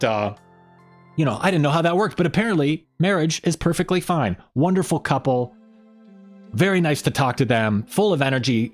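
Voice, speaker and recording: Man with a lively, swooping voice. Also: medium pitch. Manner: rambling, greets viewers in the chat by name. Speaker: livestream host. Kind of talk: casual livestream chat.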